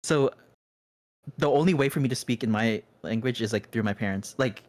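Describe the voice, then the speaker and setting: A man's voice: mid-range voice, fairly quick, a little mellow. A man chatting earnestly on a group voice call, rambling with lots of fillers. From Filipino family, raised in the US. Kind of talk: casual group chat.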